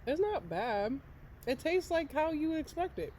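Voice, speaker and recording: A woman's voice: sits high, sing-song, normal speed, darkish tone. Teasing young woman, faint hiss. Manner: teasing, laughs a lot. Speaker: podcast co-host. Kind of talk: casual chat.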